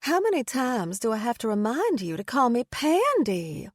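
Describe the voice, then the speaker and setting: A woman's voice: on the high side, huge pitch swings, moderate pace, no room sound, clean studio sound, pitched above the performer's own voice. A woman voicing a flamboyant, scheming female event planner with a Southern American accent and a showy, crooning manner. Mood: syrupy showy.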